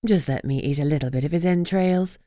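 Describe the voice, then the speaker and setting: A woman's voice: rumbling low, a little fast, warm tone, dry recording, studio quality, pitched below the performer's own voice. A woman voicing a bloodthirsty, eager female companion who pleads plaintively.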